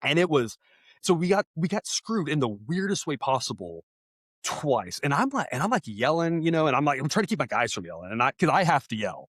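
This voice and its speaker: A man co-hosting a sports podcast, telling a story in a casual, animated way and laughing as he goes. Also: a little high, brisk, husky, no room sound, studio quality. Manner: animated, laughing, voice jumps when reenacting yelling. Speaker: podcast co-host.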